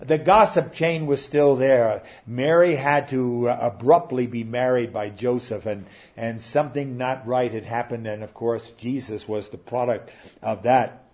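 A man preaching an expository sermon, emphatic and building to loud peaks, with rhetorical questions and hesitant fillers between phrases. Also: medium pitch, measured pace. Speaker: pastor. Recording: dull lo-fi recording.

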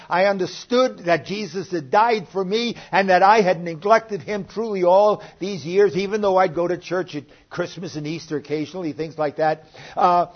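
An older man delivers a sermon in a plain, earnest way, his voice sitting a bit high for a man. He now and then swells louder to press a point. The recording is muffled and lo-fi. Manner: earnest, plainspoken preaching with sudden rises in loudness. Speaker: pastor. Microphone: online sermon recording.

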